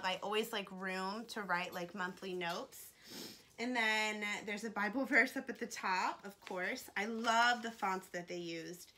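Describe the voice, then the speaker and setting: A woman's voice: medium pitch, pushed and bright. A woman in her twenties chatting casually through an unboxing, gushing and emotional, with lots of "like" fillers. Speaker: vlogger.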